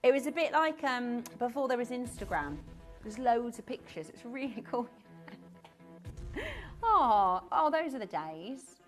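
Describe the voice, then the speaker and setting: A woman chats through a live TV shopping segment with a bubbly, giggly ease. Her pitch swings widely as she talks, and soft music plays faintly behind her. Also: sing-song, measured pace. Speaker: shopping channel presenter. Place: TV studio.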